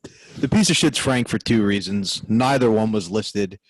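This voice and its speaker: A man co-hosting a comedy podcast, joking in a deadpan way. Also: lowish voice, moderate pace, no echo, low-quality recording. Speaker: co-host. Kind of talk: casual chat.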